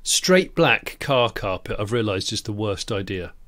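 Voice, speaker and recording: A man's voice: lowish voice, animated, a little slow, a bit bright. A man co-hosting a comedy podcast, dropping dry, musing asides in casual chat. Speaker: podcast co-host.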